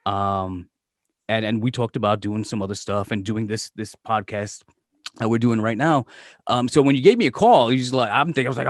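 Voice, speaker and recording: A man's voice: medium pitch, fairly quick, dry recording, studio quality. A man hosting a casual podcast chat, swearing freely and joking loosely with his guest. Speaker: podcast host.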